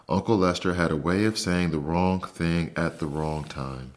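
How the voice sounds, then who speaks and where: A man hosting a bedtime story podcast, reading a children's book aloud in a soft, slow, soothing way. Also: deep voice. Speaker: podcast host and narrator. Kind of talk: calm bedtime story narration.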